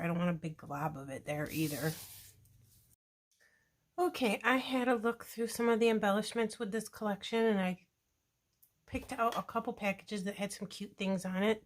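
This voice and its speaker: A woman hosting a crafting video, talking casually to viewers in a relaxed, chatty way while working with her hands. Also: mid-range voice, normal speed, slight background noise. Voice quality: relaxed, chatty, self-deprecating asides.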